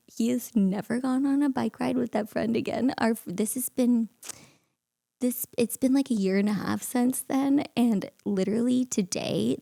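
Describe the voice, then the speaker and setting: A woman in her thirties hosting a solo podcast, telling a story in an animated, exasperated way and laughing as she goes. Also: mid-range voice, gravelly, dry recording. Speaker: podcast host.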